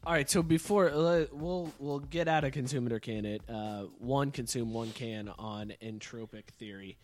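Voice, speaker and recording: A man co-hosting a beer podcast, talking in a relaxed, jokey way and swearing freely. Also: medium pitch, moderate pace. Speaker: podcast co-host. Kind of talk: casual chat.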